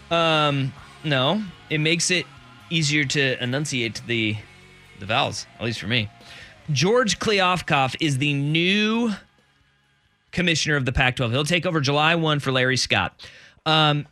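A man's voice: a little high, pushed and bright, dry recording, clean studio sound. A man hosting a sports talk radio show, chatting casually, joking and laughing often, sometimes stumbling over his words.

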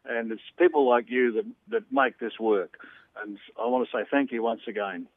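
A man's voice: mid-range voice, moderate pace, dry recording. A man with an Australian accent, an organiser of a charity ride, talking earnestly and ramblingly with many fillers. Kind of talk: phone interview. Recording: tinny phone line, dry.

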